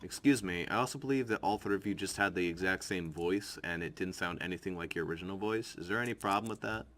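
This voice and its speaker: A man's voice: sits low, quick pace, fairly bright tone. A man playing a tabletop role-playing game, trading dry, sardonic in-character banter. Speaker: player.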